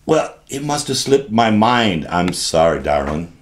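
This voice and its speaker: An actor playing a smooth-talking Southern gentleman in a radio soap, with a Southern accent and a flowery, flattering way of talking. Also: lowish voice, unhurried, a little hiss or hum. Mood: evasive.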